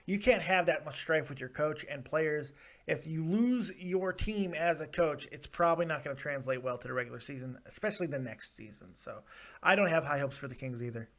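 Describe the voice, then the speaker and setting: A man's voice: fairly high pitch, expressive, a little fast, fairly bright tone. A man hosting a casual late-night sports call-in show, brash and profane, teasing callers and laughing often. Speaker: talk show host.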